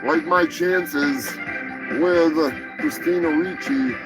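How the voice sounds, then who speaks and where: Brash, profane male comedy news host; high voice, mock-grand delivery. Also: slow, over music, poor audio. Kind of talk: crude comedic news rant.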